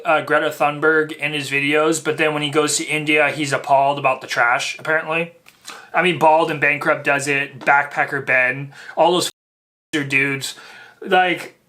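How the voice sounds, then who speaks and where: A man's voice: fairly high pitch, bright, forceful tone. A man hosting a reaction video, talking in a rambling, mocking way full of fillers. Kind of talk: casual commentary.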